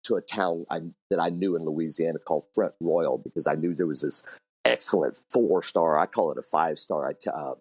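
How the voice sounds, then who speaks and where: A man with a rumbling low, slightly mellow and husky voice talks briskly in a casual interview about long-distance motorcycle riding. He tells his stories animatedly, frequently restarting sentences and repeating words. There is no echo.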